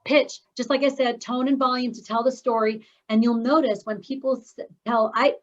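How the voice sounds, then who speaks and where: A woman speaking coach teaches an online course over a video call. She talks fast and then stops short to lean on key words. Her mid-range voice comes through slightly dull, lo-fi call audio. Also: on the high side, steady tone. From Scotland. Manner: fast-talking, with sudden pauses and stressed words.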